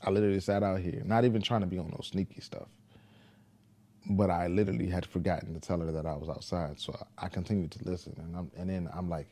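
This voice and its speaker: A father talking casually to the camera, telling a parenting story in a laid-back, deliberate way. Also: deep voice, fairly even intonation, dark tone.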